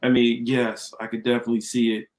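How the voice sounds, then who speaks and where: A man's voice: medium pitch, little pitch movement, fast. A man co-hosting a political podcast, talking in a loose, rambling way and reading viewer comments aloud. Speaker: co-host. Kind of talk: casual political podcast chat.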